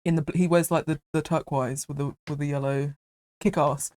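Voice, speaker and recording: A woman casually retelling a film, animated and laughing as she acts out the characters. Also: sits low, brisk.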